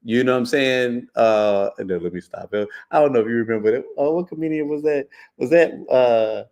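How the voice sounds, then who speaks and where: A man riffs in a loose, conversational podcast monologue, with a voice sitting at an ordinary middle pitch for a man. His talk is animated and blunt, full of slang, swearing and constant "you know" and "right?" check-ins. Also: a little fast. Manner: casual and profane, slangy. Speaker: podcast host. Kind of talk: casual podcast commentary.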